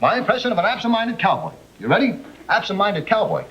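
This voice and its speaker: A man's voice: high-pitched, very animated, fast, a little hiss or hum. A man telling brash, wisecracking jokes as a comedian in a nightclub sketch. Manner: brash, wisecracking, punchline delivery. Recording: dull 1960s TV audio with loud studio audience. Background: studio audience laughter.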